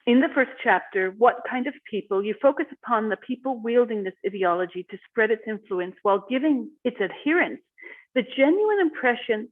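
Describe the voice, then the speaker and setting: A woman's voice: fairly high pitch, lively intonation, brisk. A woman interviewing a guest in a conversational, enthusiastic way. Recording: tinny phone-like line.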